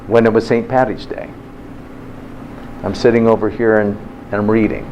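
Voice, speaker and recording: A man with a fairly low voice hosts a motivational health talk, telling lively stories and firing rhetorical questions at listeners. He speaks at a moderate pace on a muffled recording with a little hiss or hum.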